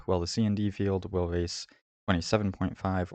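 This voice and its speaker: A man hosting a route guide, giving a steady, methodical voice-over about a race course. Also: low-pitched, fairly quick, clean tone, no echo. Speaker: host of a cycling route guide. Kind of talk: scripted voice-over over game footage.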